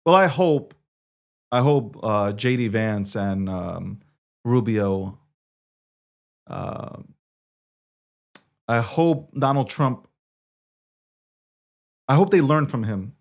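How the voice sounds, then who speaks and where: With a medium-pitched, animated voice, a male show host from New York City offers opinionated political commentary, drawing out words and leaving long pauses. He is punchy and repetitive, pushing the volume up and down for emphasis.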